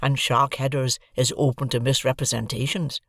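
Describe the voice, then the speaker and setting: Man doing a slow kindly blacksmith in a storybook, rustic talk, gravelly voice raised a bit, dry close sound. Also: mid-range voice, little pitch movement, a bit bright, dry recording. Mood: ponderous. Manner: slow, ponderous rustic dialect speech. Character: slow, kindly, plain-spoken village blacksmith.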